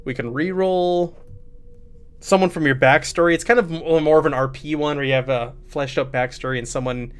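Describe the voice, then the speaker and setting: A man narrating as game master of a tabletop horror game, in an animated way. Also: on the high side, brisk, clear, resonant tone.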